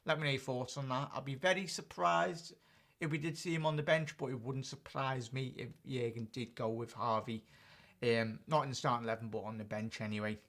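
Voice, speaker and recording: Man, fan channel host, live-stream chat, mid-pitched voice, talks straight to viewers. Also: steady tone, brisk, a bit bright. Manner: chatty, answers viewer comments directly.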